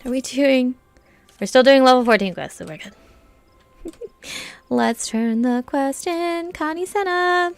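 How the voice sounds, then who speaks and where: Chatty woman gamer, slightly high voice. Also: measured pace, vocal fry, pauses often, no room sound, faint music behind. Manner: chatty, excitable, laughs often. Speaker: gaming channel host. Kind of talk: casual let's play commentary.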